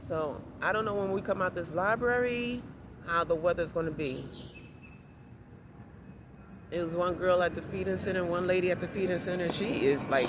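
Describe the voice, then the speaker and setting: A woman's voice: fairly low pitch, expressive, normal speed, long pauses. A woman vlogging in casual talk, rambling and repeating reassurances to herself. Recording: noisy outdoor street recording.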